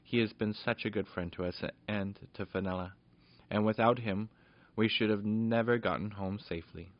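A gentle young girl from a storybook, read by a man in a low, plain voice. The recording is muffled and dry. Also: fairly even intonation, normal speed, close to an everyday voice. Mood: grateful.

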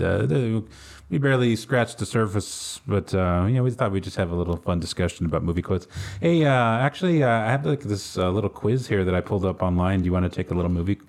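A man hosting a podcast, rambling in relaxed, casual chat with plenty of fillers. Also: sits low. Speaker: podcast host.

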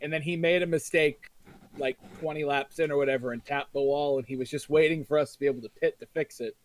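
A man's voice: on the high side, fairly even intonation, fast talker. A man hosting a casual chat, teasing and joking with his guests. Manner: jokey, teasing interjections. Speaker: podcast host.

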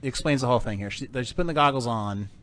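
A man's voice: mid-range voice, very fast, fairly bright tone, soft background music. A man hosting a casual podcast, introducing videos with crude jokes and frequent laughter. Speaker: podcast host.

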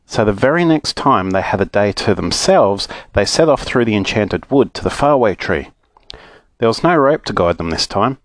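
An Australian man, a storytelling dad, reading a children's book aloud in an expressive narrating voice. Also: on the low side, dry recording.

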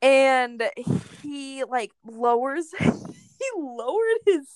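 A woman's voice: high-pitched, sing-song, drawn-out words, a little mellow, dry recording. A young woman telling a crude personal story in casual chat, swearing freely and laughing often.

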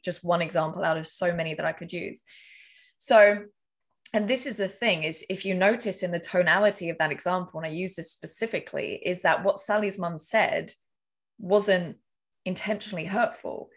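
A woman speaking as a guest on an interview podcast, her voice sitting a little low for a woman. She explains things earnestly and casually, building ideas step by step through examples and letting a swear word slip now and then.

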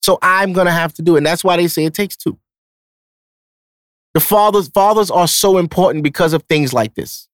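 A man's voice: high-pitched, normal speed, dry recording, studio quality. A man hosting a podcast, talking casually in a blunt, profane, emphatic way. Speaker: podcast host. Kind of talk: casual monologue.

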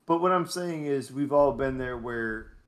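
A man co-hosting a casual podcast, a youth basketball coach who gets animated when making his points. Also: mid-range voice, a little slow. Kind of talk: casual chat.

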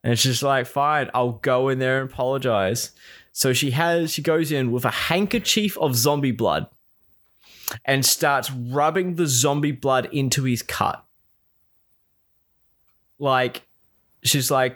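A man talks through a show's plot in a loose, casual way. He is openly exasperated and curses freely. He drops into quick snippets of the characters' voices as he goes. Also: mid-range voice, expressive, a bit bright. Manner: profane, exasperated, acts out quoted lines. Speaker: reviewer recapping a show. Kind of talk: casual spoken recap.

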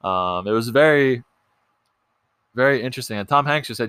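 A man's voice: mid-range voice, normal speed, pauses often, a bit bright, clear, resonant tone, dry recording. A young man hosting a casual movie podcast, chatty and loose, with lots of ums and restarts. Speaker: podcast host.

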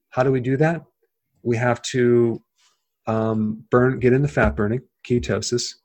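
A man's voice: medium pitch, fairly even intonation, unhurried, a little mellow. A man as an interview guest, explaining things plainly, with frequent fillers and restarts. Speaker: guest, health video creator. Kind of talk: casual interview talk.

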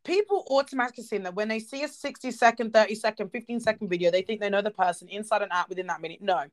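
A woman's voice: medium pitch, very fast. A woman with a British accent talking bluntly and emphatically in a casual chat. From United Kingdom.

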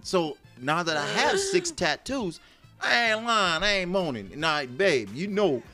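A man chatting casually as a podcast co-host, animated and laughing often as he acts out voices in his stories. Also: high-pitched, a little slow, music in the background. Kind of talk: casual chat.

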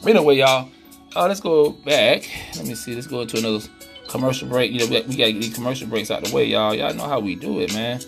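A man's voice: medium pitch, fairly even intonation, racing, gravelly, music in the background. A middle-aged man hosting a podcast, talking casually and preachily, often asking "you know what I'm saying". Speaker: podcast host. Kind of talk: casual monologue.

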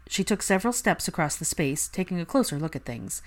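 A woman reading fan fiction aloud in a steady, calm narration. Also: lowish voice, fairly quick. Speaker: reader.

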